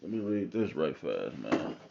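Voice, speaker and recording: A man reading scripture aloud in a casual, slangy manner, with drawn-out asides between the verses, recorded on a phone or webcam. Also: sits low, sing-song, vocal fry, dull audio, very noisy. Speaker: self-styled preacher.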